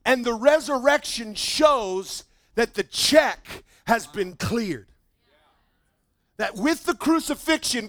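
A man preaching a sermon as pastor in a church, animated, swinging from loud emphasis to quiet asides. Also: very high-pitched, no room sound, studio quality.

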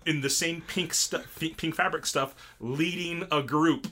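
A man's voice: on the high side, measured pace, soft background music. A man co-hosting a casual podcast, animatedly recapping an anime episode and acting out scenes. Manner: animated storytelling, acts out scenes. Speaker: podcast co-host.

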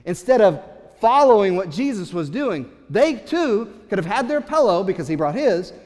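A man preaching a sermon as pastor, swinging between loud, urgent passages and hushed, quiet ones. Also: high-pitched, very animated, normal speed, in a large hall.

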